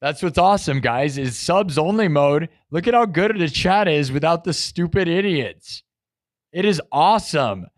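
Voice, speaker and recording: A man's voice: on the high side, expressive, normal speed, no room sound, studio quality. Rambling, jokey male streamer. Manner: rambling, jokey, talks to chat. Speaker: live-stream host and musician. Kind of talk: casual live-stream chat.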